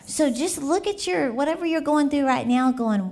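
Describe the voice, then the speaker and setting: A woman speaking as a guest preacher in a church, telling a story in a lively, animated way, often laughing and asking the congregation questions. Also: sits high, moderate pace.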